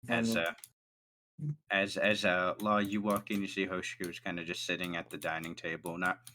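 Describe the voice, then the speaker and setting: Male game master, very low bright voice, casual halting narration. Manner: casual, halting, voices characters in brief quotes.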